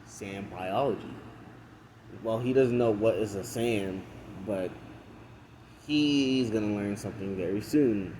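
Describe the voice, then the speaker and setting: Young male video creator, casual fan-story retelling, hesitant, lots of ums, low mellow voice. faint hum behind. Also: low-quality recording. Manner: hesitant, full of fillers.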